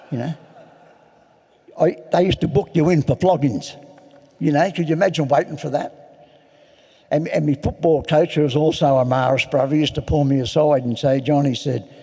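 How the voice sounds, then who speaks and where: A man's voice: on the high side, brisk, dark tone, husky. An older Australian man telling his personal recovery story to a convention audience, plain-spoken and frank with self-mocking humour. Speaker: AA convention speaker. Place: large hall. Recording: long hall reverb.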